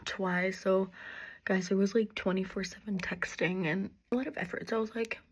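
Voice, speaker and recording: A young woman telling a get-ready-with-me storytime in a soft, half-whispered casual way. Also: mid-range voice, fairly even intonation, moderate pace, breathy edge. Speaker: storytime vlogger.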